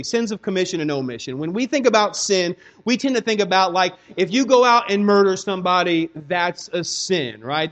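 A man with a notably high voice delivers a sermon in a loose, chatty style. He acts out quick quoted voices of his kids and of doubting churchgoers, then drops back to his own preaching tone. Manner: conversational preaching, acts out kids' and congregants' voices. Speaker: pastor.

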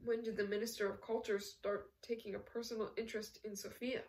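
A woman reading the lines of a dignified aristocratic count, polite and measured. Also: mid-range voice, level tone, darkish tone, recorded from a distance, natural voice, low-quality recording. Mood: restrained. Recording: voice set back from the mic.

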